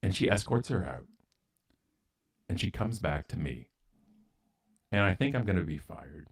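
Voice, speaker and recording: Man, deep voice, from Canada, blunt animated storyteller, plays out dialogue. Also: a little slow, vocal fry, slightly rough. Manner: animated, acts out both sides of dialogue; blunt, self-mocking. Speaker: guest speaker and author. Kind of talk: storytelling in a podcast interview.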